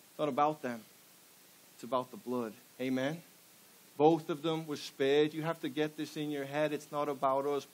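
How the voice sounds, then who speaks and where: Higher-voiced man preaching a sermon. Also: rough recording. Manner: fires rhetorical questions at the congregation; emphatic, call-and-response preaching. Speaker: pastor. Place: church before a live congregation.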